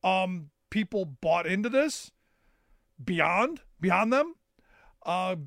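A man hosting a political talk radio show, delivering sarcastic, animated commentary with many filler "uh"s into a studio microphone. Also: sits high, drawn-out words, gravelly, no room sound.

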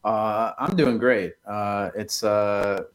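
Male professor guest, low voice, relaxed and chatty with lots of "uh"s and dry jokes. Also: slow pace. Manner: relaxed, many fillers, dry humor. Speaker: professor and union president. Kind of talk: casual radio guest talk.

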